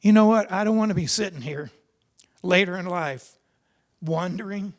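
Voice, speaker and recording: A man's voice: high voice, moderate pace. An older man speaking at a seminar, telling personal racing stories in a rambling, conversational way with many restarts. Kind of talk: personal storytelling talk. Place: seminar hall.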